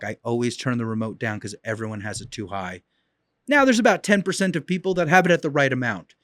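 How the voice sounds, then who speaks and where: A man's voice: on the high side, fairly quick, no room sound, clean studio sound. A man teaching as a dog trainer in an instructional video, talking emphatically and repeating key points.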